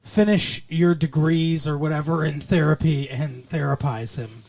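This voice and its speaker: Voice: medium pitch, unhurried, a little mellow. A podcast co-host recapping a TV episode in sarcastic, jokey casual chat, prone to silly voices.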